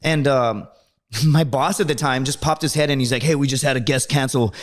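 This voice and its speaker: A man's voice: medium pitch, fairly even intonation. A man telling rambling, profane stories in casual podcast chat. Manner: profane, rambling, fast storyteller. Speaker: guest. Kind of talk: casual storytelling.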